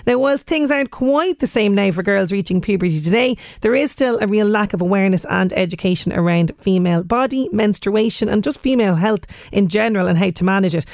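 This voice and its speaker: An Irish woman in her late thirties hosts a radio talk show, chatty and animated. She often slips into little acted-out voices. Her voice sits in a middle range and sounds dry and close on the studio mic. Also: medium pitch, a little fast, hardly any pauses, dry recording. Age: late 30s. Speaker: radio presenter. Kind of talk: casual radio chat.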